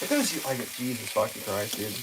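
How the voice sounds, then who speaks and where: A woman's voice: extremely low pitch, sing-song, a little fast, heavy background noise. A woman hosting a livestream, ranting casually with profanity, many restarts and exasperated asides. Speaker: livestream host.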